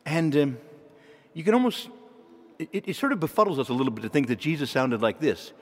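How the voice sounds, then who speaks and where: Animated preacher in a reverberant hall. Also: male voice, on the high side, a little fast. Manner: conversational, animated, asks the listeners questions. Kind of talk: sermon. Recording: long reverb of a large hall.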